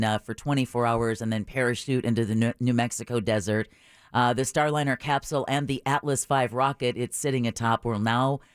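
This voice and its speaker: A man's voice: medium pitch, clean tone, no echo, studio quality. A man hosting a radio talk show, reading news items and bantering with his co-host. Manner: animated, newsreading with banter. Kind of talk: casual news chat.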